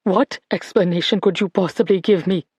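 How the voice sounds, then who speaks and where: Woman reading a furious elderly woman, sharp and accusing, in a dry, close audiobook sound. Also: medium pitch, steady tone, moderate pace, breathy edge, no echo. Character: elderly woman, fierce and unforgiving.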